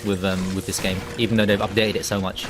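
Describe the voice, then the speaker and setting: A man's voice: low-pitched, flat delivery, fast talker, background noise. A man chatting casually and joking while streaming a co-op game. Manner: joking, chatty, laughs easily. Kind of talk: casual gameplay chat.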